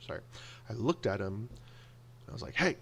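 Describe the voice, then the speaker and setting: A man telling personal stories in a casual monologue, animated and acting out the voices of people he quotes. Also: lowish voice, a little fast, gravelly, a little hiss or hum. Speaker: video blogger.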